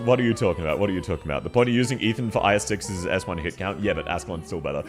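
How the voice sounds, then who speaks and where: A man's voice: sits low, very fast, hardly any pauses. A man chatting casually on a live stream, laughing often and answering his chat. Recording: faint music behind.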